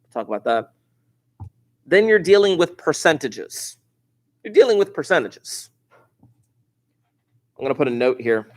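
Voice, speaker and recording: A man lecturing a high school statistics class at an ordinary mid pitch. He talks in a relaxed, offhand way with casual asides. When a point matters, he slows down and says it again. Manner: repeats key points slowly for emphasis.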